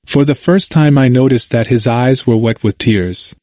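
A man narrating a first-person memoir in a measured, earnest audiobook reading, recorded on a close studio mic. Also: medium pitch, darkish tone, dry recording.

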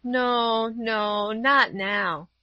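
A woman reading a storybook, voicing a poor, lonely old woman who speaks softly and humbly. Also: fairly high pitch, steady tone, drawn-out words, dry recording, dull audio. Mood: sad, humble.

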